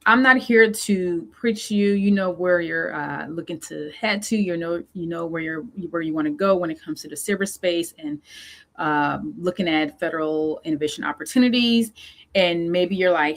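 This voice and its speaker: A woman's voice: fairly low pitch, measured pace. A woman host with a Southern US accent, coaching founders in a casual solo talk, repeating her questions and using many fillers. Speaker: show host and funding consultant.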